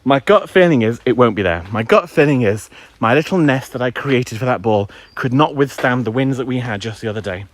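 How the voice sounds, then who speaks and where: The speaker is a man with a mid-range voice, lively intonation and a brisk delivery, with no room sound. He's livestreaming a dog walk through the woods on a handheld phone, talking casually, ranting, and using some playful crude language.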